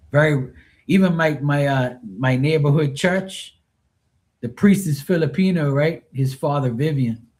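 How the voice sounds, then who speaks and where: A man's voice: fairly high pitch, a little mellow. A man chatting casually on a live tarot stream, rambling and swearing freely. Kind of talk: casual livestream chat.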